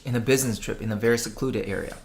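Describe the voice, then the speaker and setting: A young woman with a very low voice tells creepy tales in a relaxed chat. She acts out each character's lines with lively shifts, though her everyday tone stays deep. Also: very fast. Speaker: guest storyteller. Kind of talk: telling spooky stories in casual chat.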